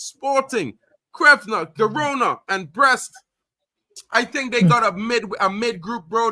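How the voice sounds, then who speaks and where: A man streaming casual football chat, animated and slangy, calling everyone bro. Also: high-pitched, no echo. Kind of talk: casual live commentary.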